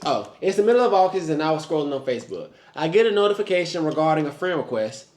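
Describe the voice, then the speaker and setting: A man's voice: on the high side, fast talker, reverberant. A man co-hosting a talk show, reading listener love stories aloud and teasing along the way. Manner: animated, teasing, breaks into laughter. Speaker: co-host.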